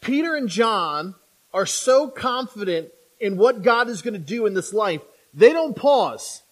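High-voiced man preaching a lively sermon. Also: unhurried. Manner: conversational, with frequent "right?" tags to the congregation; animated, acting out imagined speakers.

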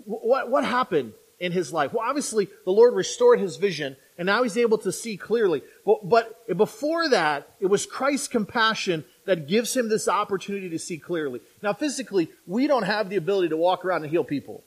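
Preaching to his congregation, this man has a voice high for a male, with a breathy edge. His delivery is conversational and animated, full of quick "right?" tags and jumps into the voices of imagined people.

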